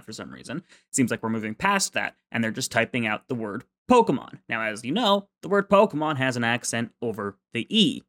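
A man co-hosting a casual podcast chat, ranting in an animated way with plenty of swearing. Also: medium pitch. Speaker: podcast co-host.

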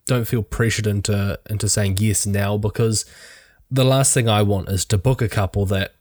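Young male photographer, sore throat, low voice, dry close sound, rambling. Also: steady tone, normal speed, darkish tone, dry recording. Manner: rambling, hedging, many fillers. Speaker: wedding photographer. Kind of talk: casual podcast chat.

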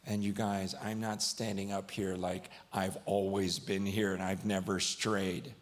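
A man's voice: sits low, flat delivery, a little slow. A man preaching a sermon at a live event, telling a story in a conversational way and acting out what others said.

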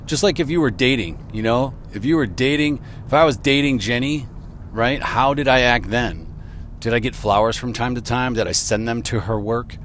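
A man's voice: medium pitch, lively intonation, normal speed, a bit bright. A man in his thirties talking through his thoughts in a casual, rambling monologue while driving, full of fillers. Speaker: vlogger. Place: in a car. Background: vehicle road noise.

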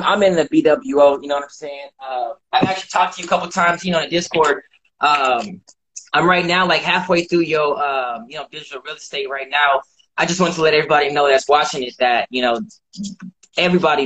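A man giving a relaxed testimony as a course member on a livestream. His voice sits a little high. He talks in an easygoing way and keeps tossing in filler phrases. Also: poor audio. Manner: easygoing, heavy on "you know what I'm saying". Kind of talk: casual live-stream chat.

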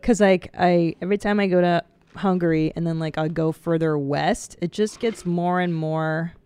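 A woman's voice: fairly low pitch, fairly even intonation, moderate pace, a little mellow, clear, resonant tone. A woman co-hosting a podcast in casual chat, laughing a lot and eagerly prompting her co-host.

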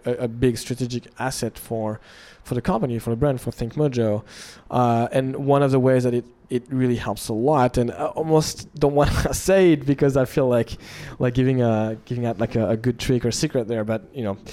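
A man's voice: medium pitch, mellow. A man who founded a creative studio, talking in a casual interview in a thoughtful, hesitant way with frequent restarts.

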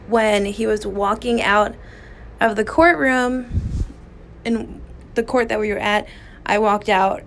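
A woman's voice: medium pitch, gravelly. A woman hosting a podcast, telling a personal story in a candid, raw way with casual swearing and many fillers, recorded on a phone in a small booth. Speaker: podcast host.

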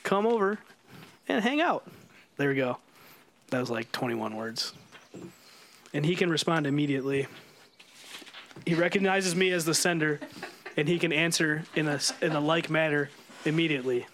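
A man's voice: on the high side, normal speed, pauses often, fairly bright tone. A man playing a tabletop game, talking in a rambling, joking way with many fillers. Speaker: player. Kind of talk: casual tabletop game play.

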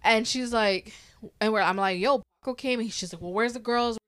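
A woman's voice: a little high, normal speed. A swearing woman telling a wild story. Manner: animated, swears freely, acts out quoted voices. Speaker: podcast host. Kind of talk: casual storytelling.

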